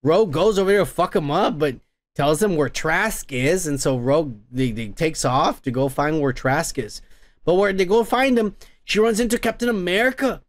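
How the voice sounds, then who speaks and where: A man with a high voice hosts a comedy podcast. He recaps an episode in loose, rambling talk full of cursing and stumbles. The sound is dry and close, with no room echo. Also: normal speed. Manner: rambling, swears constantly, restarts often. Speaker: podcast host. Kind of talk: casual profane recap.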